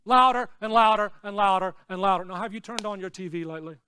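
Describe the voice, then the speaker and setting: A man preaching a sermon as pastor, swinging between low, quiet asides and shouted, repeated lines. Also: fast talker.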